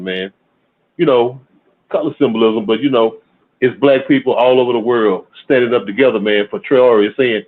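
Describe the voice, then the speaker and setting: A laid-back man on a call-in show talks easily and often ends his phrases with "man". His voice comes through a thin, tinny phone line in the middle of his normal range. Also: medium pitch. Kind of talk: casual chat.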